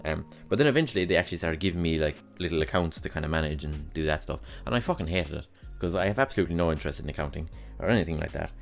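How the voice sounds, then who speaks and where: A man's voice: rumbling low, animated, rapid-fire, creaky, hardly any pauses, soft background music. A young man hosting a podcast, telling rambling, sweary stories about his past jobs with exasperated humor. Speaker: podcast host. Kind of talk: casual solo monologue.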